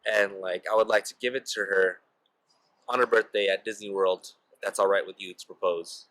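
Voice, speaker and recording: A young man vlogs in a relaxed, rambling storytelling voice full of fillers. His tone sits low yet sounds bright and forceful. The sound is dry and close. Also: normal speed, no room sound, rough recording. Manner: chatty, heavy use of "like" and "you know" fillers. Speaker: vlogger. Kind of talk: casual storytelling to camera.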